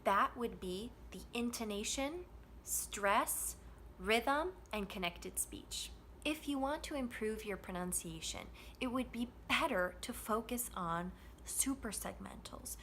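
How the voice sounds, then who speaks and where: A woman teaching an English pronunciation lesson, modeling stress and rhythm with slow, deliberate phrasing. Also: a little high, animated, fairly bright tone, slight background noise.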